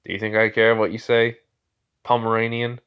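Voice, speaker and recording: A man's voice: lowish voice, flat delivery, normal speed, clean tone, muffled recording, natural voice. A man voicing a psychotic teenage boy killer who speaks in cold, mocking taunts. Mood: sinister.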